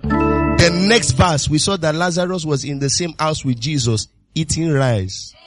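An exuberant male pastor preaches with repeated calls and sudden bursts of shouting. His voice sits a little high for a man, and faint music plays behind him. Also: unhurried. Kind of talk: sermon.

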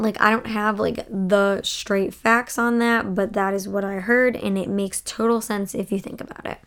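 A young woman hosting a casual podcast, chatting in a gushing, opinionated, sassy way, sleepy and yawning late at night. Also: mid-range voice. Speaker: podcast host.

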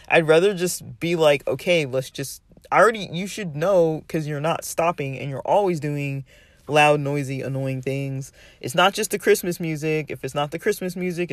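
A man's voice: fairly high pitch, no room sound. A man telling a long, rambling story in a casual monologue, full of "like" and "um", sounding exasperated. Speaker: vlogger ranting about a roommate.

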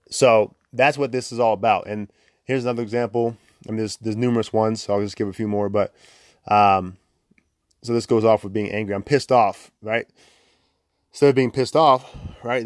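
A young podcast host with a medium-pitched voice gives a casual motivational talk, chatty and upbeat, laughing often and scattering "like" throughout. The sound is studio quality with no echo.

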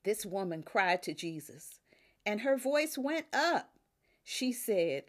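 An older woman preaching a sermon, emphatic, with rises on key words and soft drops at the ends of phrases. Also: medium pitch, sing-song, slow.

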